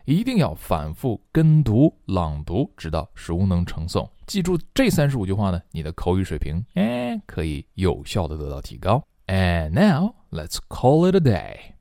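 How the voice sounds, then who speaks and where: A man teaching English phrases in a slow bilingual drill. He repeats each phrase and explains it in Chinese, acting out its feeling. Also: lowish voice, dark tone, dry recording, studio quality.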